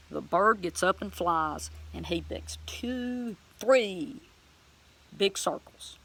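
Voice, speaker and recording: A woman telling a personal faith testimony in a plain-spoken, folksy way, animated and emotional as she acts out her own words. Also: fairly low pitch, moderate pace. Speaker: Christian vlogger sharing a testimony.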